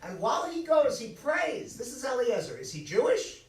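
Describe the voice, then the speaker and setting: A high-pitched, very animated man leads Friday night services as a rabbi, giving a joking, conversational sermon with quick asides to his congregation. He's distant from the microphone, and his voice rings through an echoey synagogue sanctuary.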